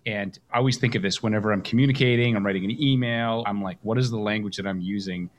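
Energetic fast-talking male coach. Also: on the low side. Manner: energetic, emphatic, acts out example phrases. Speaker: coach and host. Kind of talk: motivational coaching call.

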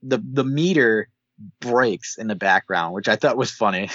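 Lower-voiced man on a dull, dry call line. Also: expressive, fairly bright tone, dry recording. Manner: rambling, many filler pauses. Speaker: podcast co-host. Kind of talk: casual chat recapping a TV episode. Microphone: video call.

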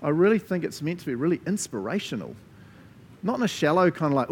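A man's voice: on the high side, sing-song, fast talker, slight background noise. A man preaching a sermon as a pastor, earnest and conversational, laughing often between asides.

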